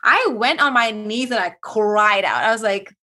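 A young adult woman from Kuwait, a podcast guest telling her personal story in a lively way, acting out quoted dialogue. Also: mid-range voice, normal speed. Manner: animated, acts out quoted dialogue.

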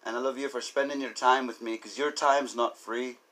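Male comedy podcast host, loose rambling monologue, self-deprecating goofball, average pitch. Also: steady tone, a little fast, fairly bright tone. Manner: rambling, goofy, self-mocking jokes.

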